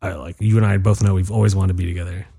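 A man's voice: deep voice, racing, vocal fry, husky. A man chatting casually on a podcast, telling stories animatedly with crude language and acted-out quotes. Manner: animated, profane storyteller acting out quotes.

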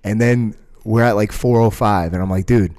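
A man on a relaxed podcast, talking in a slightly low voice. He rambles and restarts his sentences, drops profanity freely and gets animated as he tells his stories. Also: normal speed. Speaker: podcast co-host, jiu-jitsu school owner. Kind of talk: casual podcast chat.

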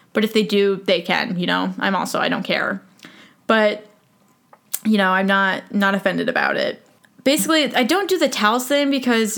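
Young woman, podcast host, candid, jokey, casual chat, medium pitch. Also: gravelly, fairly bright tone. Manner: frank, joking, laughs often. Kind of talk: casual solo podcast talk.

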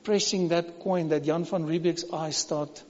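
Brief: high-pitched South African man, pastor, emphatic repeating sermon delivery, muffled church-hall echo. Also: fairly even intonation, unhurried, a crowd in the background. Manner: emphatic, repetitive preaching with sudden drops to a hush.

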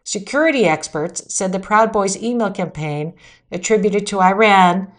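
Brief: woman host reading news recap, mid-pitch, quotes verbatim, dry asides. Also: moderate pace. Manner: occasional self-corrections mid-sentence. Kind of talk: reading a weekly news summary.

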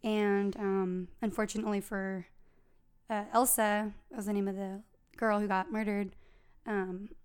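A woman's voice: mid-range voice, flat delivery, measured pace, clear, resonant tone. A young woman co-hosting a podcast, telling a true crime story in a casual, chatty way with lots of fillers.

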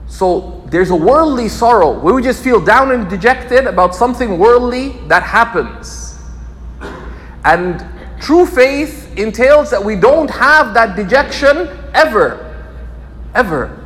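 A man teaching a religious lecture, expressive and repeating key phrases for emphasis. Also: extremely high pitch, takes it slowly, in a large hall. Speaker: Islamic scholar teaching. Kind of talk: lecture sermon.

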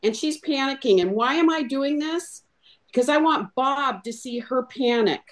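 Animated woman teaching sales technique. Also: sits high, normal speed. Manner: animated, acts out clients' lines in a role-play. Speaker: insurance sales trainer. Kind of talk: instructional chat on a podcast.

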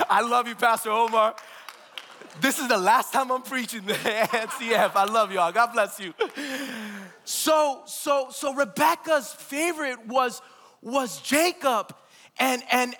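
A man preaching a lively sermon, emphatic, joking and having the congregation repeat words after him. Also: very high-pitched, a little hiss or hum. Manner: laughs and jokes between points. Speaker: pastor. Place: large church hall, preaching live. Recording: long hall reverb.

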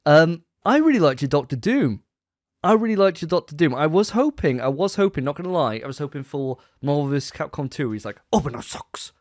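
A man's voice: mid-range voice, dry recording, studio quality. A young man co-hosting a casual podcast, teasing his friends and stumbling over his words as he judges them. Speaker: podcast co-host. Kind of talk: casual banter among friends.

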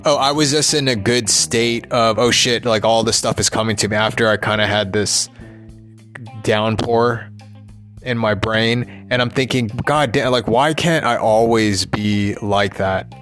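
A man's voice: lowish voice, a little slow, a bit bright, soft background music. A man thinking aloud in a rambling personal monologue, restless and swearing as he questions himself.

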